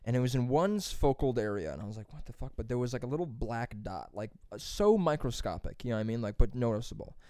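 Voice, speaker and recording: A young man spins a long, rambling story in casual podcast chat, talking fast with few pauses in a medium pitch. He swears often and gets animated when acting out what people said, and there's no room sound.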